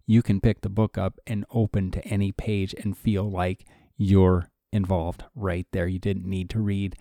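A man co-host with a low, mellow voice who speaks thoughtfully, often pausing on fillers. The recording is dry and close to the mic, with no room around him. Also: flat delivery, no echo. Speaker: podcast co-host and writer. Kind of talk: casual conversation.

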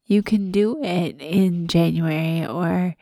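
A woman's voice: on the low side, slow, creaky, dark tone, dry recording. A woman co-hosting a casual podcast, stuffy with a head cold, talking candidly and self-deprecatingly. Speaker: podcast co-host.

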